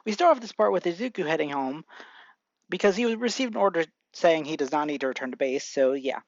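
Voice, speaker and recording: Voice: medium pitch, expressive, a little fast, no room sound, muffled recording. Stumbling, chatty fan-fiction narrator. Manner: frequent restarts and stumbles, chatty asides. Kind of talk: casual amateur story narration.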